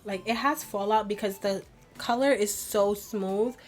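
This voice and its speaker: A woman's voice: medium pitch, unhurried, soft background music. A young woman chatting and venting while doing her makeup at home, rambling with many fillers. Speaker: beauty vlogger. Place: home bedroom at a vanity.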